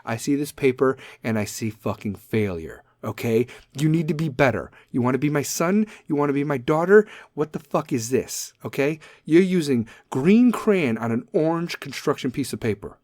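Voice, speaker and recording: A man's voice: mid-range voice, lively intonation, moderate pace, few pauses, a little mellow, no echo, studio quality, natural voice. A man playing a harsh, scornful father who belittles his child's drawing, cursing as he goes. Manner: profane, mocking.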